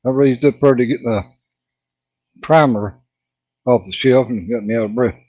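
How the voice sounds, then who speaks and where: A man's voice: mid-range voice, normal speed, no room sound, highs cut off. A man hosting a casual hobby livestream, out of breath, greeting viewers by name with lots of fillers.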